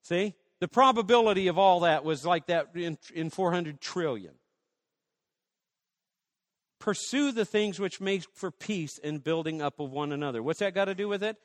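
A man preaching a sermon as pastor, swinging from loud rallying questions to soft asides. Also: sits high, moderate pace, big-room sound.

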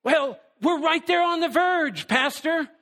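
A man's voice: extremely high pitch, animated, measured pace, a bit bright, voice pushed up, exaggerated voice. A man voicing God, patiently and earnestly correcting a pastor during a sermon. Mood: coaxing. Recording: long hall reverb.

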